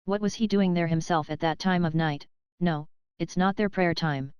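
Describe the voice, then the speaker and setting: A woman's voice: fairly low pitch, normal speed, clear, resonant tone, dry recording, lo-fi sound, natural voice. A woman reading the part of a curt, dictatorial young male English official in an audiobook.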